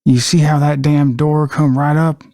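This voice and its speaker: A man's voice: a little high, little pitch movement, normal speed, warm tone, no echo, studio quality, natural voice. A man voicing a terrified young male fisherman with a put-on Southern US accent, blunt and coarse, in a podcast reenactment. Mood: stunned.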